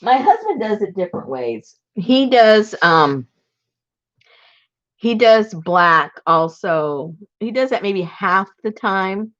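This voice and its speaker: A woman's voice: sing-song, slow, no echo. A woman chatting casually and laughing often as she rambles through a story, recorded on a video call. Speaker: workshop presenter. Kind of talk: casual chat. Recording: dull, dry low-fi sound.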